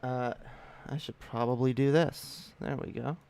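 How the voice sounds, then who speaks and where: A man's voice: mid-range voice, fairly even intonation, unhurried, gravelly, a little mellow, clear, resonant tone. A man hosting a casual livestream, greeting his chat in a laid-back, profane way. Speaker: livestream host.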